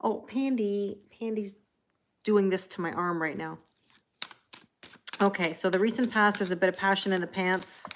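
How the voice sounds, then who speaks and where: Woman, 40s, mid-pitched, chatty live tarot reader who laughs easily and talks straight to her viewers. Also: moderate pace, long pauses, slight background noise. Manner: chatty, greets viewers by name, laughs often. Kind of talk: casual live-stream card reading.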